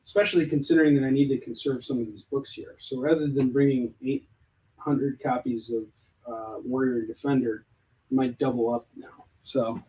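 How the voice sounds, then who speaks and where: A man's voice: medium pitch, steady tone, brisk, background noise. A man from the United States who creates comics, chatting casually and joking on a livestream Q&A while he counts stock aloud.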